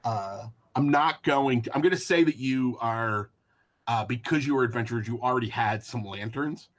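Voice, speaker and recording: A man running a tabletop game, speaking at an ordinary middle pitch. He describes the scene in a halting way, stopping and restarting often. It sounds like a casual online session from home. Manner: hesitant, lots of fillers and restarts. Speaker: game master.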